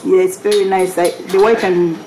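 A woman's voice: medium pitch, steady tone, fairly quick. A young woman, a mother filming a family vlog at home, gushing and exclaiming in casual chat and often laughing. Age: young adult. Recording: noisy home recording.

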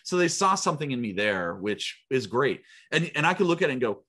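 A middle-aged man, a guest speaker and coach, telling his story in an interview with lively acted-out quotes and frequent laughs. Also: mid-range voice, fairly quick, breathy edge. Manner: animated storyteller, acts out quotes, laughs often. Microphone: small mic worn on body.

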